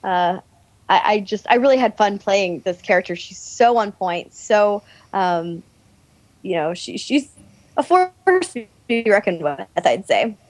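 A woman's voice: mid-range voice, lively intonation, measured pace, dry recording. A woman actor talks about her role on a panel, hesitant and searching for words. Her mid-range voice sounds close and dry. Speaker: actor guest. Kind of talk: casual panel chat.

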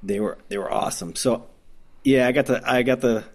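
A documentary filmmaker from Detroit, Michigan, speaks in a casual interview with a Midwestern American accent. His medium-pitched voice moves fairly quickly, enthusiastic and rambling, with many restarts.

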